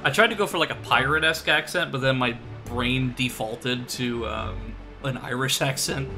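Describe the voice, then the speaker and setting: A man chatting through a game stream in a loose, rambling way, quick to laugh at himself. His voice sits a little high for a man. Game music plays clearly underneath. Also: expressive, bright, forceful tone. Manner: rambling, self-deprecating, laughs often. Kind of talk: casual let's-play commentary.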